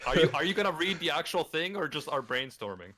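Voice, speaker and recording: A man's voice: on the high side, sing-song, fast, sharp tone, slight background noise. A man on a casual podcast, ribbing his friends in dry, argumentative banter.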